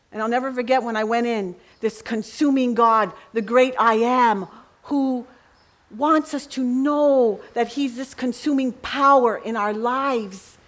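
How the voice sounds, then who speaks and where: A middle-aged woman preaching a sermon with passion, dropping to a hush and rising to ringing cries. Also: fairly high pitch. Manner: impassioned, swings from hushed to ringing cries.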